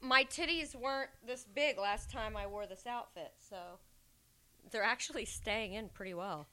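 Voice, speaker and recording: A woman's voice: fairly high pitch, normal speed, bright, forceful tone. A woman guest on a chat show, talking bluntly in short reactions. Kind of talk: casual chat.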